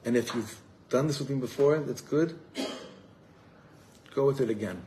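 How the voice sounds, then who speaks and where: An earnest rabbi speaks to a live evening crowd in a mid-pitched male voice. He talks heartfelt and unscripted, stumbling over repeated words and dropping Hebrew terms as he goes. A faint hum of room noise sits behind him. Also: normal speed, warm tone, low-quality recording. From Los Angeles, USA. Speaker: rabbi giving a talk. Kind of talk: live inspirational talk to a gathering. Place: evening gathering before a live audience.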